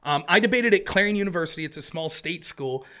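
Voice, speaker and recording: A man talking as a guest in a casual interview, fast and energetic, full of asides. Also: on the high side, clean tone. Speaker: interview guest, debate show host.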